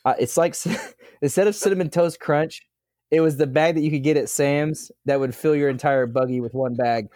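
A man co-hosting a casual podcast, telling chatty, animated stories. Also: a little high, normal speed, no room sound, clean studio sound. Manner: chatty storyteller, animated asides. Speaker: podcast co-host.

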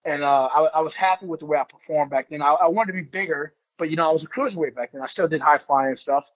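The recording is dull and lo-fi, and the speaker, an ex-pro wrestler in his forties, talks fast in a slightly high voice. As a guest, he tells a casual, meandering story full of profanity and constant "bro"s.

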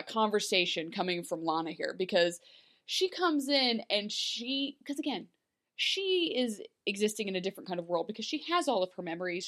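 A chatty podcast co-host recaps in a loose, animated style, sprinkling in fillers and little laughs. Her voice sits at an everyday middle pitch with a sharp tone.

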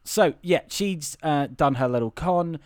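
A man's voice: fairly high pitch, unhurried, clean tone, no room sound, clean studio sound. A man co-hosting a podcast, recapping a film in casual chat with wry, opinionated asides. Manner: wry and opinionated, with frequent restarts. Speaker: podcast co-host.

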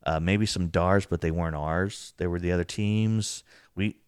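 Deep-voiced man telling a ghost story. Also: moderate pace, clear, resonant tone, dry recording. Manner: excitable, acts out quotes, rising pitch when telling. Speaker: paranormal investigator guest. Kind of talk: casual storytelling.

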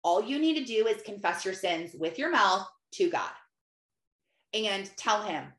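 A woman's voice: mid-range voice, animated, a little slow, fairly bright tone, reverberant. A woman speaking in an earnest, conversational way, teaching about prayer and acting out her own prayers as she goes. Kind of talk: faith-based teaching talk.

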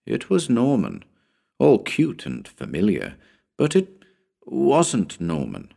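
A man's voice: lowish voice, wildly swooping pitch, takes it slowly, gravelly, dark tone. A man narrating a spooky story as an audiobook, building suspense in a dramatic storytelling manner.

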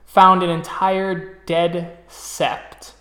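A man narrating a tabletop game as storyteller, describing scenes slowly and restarting phrases as he goes. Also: sits high, little pitch movement, bright, forceful tone, roomy sound.

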